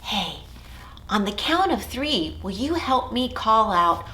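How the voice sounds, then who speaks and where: Slow, sing-song librarian woman. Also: mid-range voice. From United States. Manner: sing-song, expressive, slow and clear for toddlers. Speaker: children's librarian. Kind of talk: storytime for young children. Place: library or home room.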